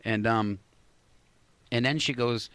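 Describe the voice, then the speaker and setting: A man's voice: mid-range voice, slow pace, a bit bright, smooth, no echo. A man in his forties, a radio host, chatting casually and telling a story while acting out both sides of a conversation. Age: 40s. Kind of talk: casual chat.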